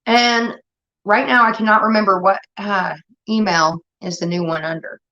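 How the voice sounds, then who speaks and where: Blunt, irritated woman streamer, bright tone. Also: medium pitch, steady tone, moderate pace. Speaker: livestream host. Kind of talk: casual livestream chat. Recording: dull lo-fi stream audio.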